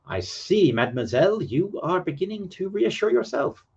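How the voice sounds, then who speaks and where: A man's voice: a little high, big pitch swings, normal speed, a little mellow, breathy edge, lo-fi sound, voice pushed up, full character voice. A man reading aloud as a polite young Frenchman, putting on a clumsy French accent. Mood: teasing. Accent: put-on French accent. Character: gallant young Frenchman reassuring a lady.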